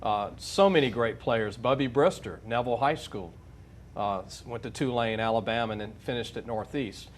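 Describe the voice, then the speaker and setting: A man hosting a sports talk show, mid-pitched and easygoing. He chats loosely and keeps steering his guests with questions, often restarting his sentences. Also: moderate pace, a little hiss or hum. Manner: chatty, leading questions, many restarts. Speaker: radio sports show host.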